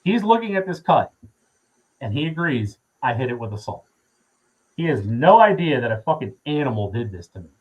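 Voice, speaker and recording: A man's voice: mid-range voice, big pitch swings, moderate pace, lo-fi sound. A man in his thirties, a podcast guest, telling a story casually with lots of swearing and fillers. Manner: profane, rambling with many fillers.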